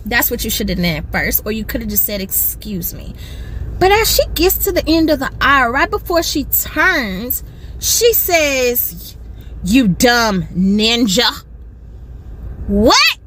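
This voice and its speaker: Woman, phone storyteller in a car, high bright voice, animated delivery. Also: normal speed, slight background noise. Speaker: social media storyteller. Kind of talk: storytime video. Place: parked car.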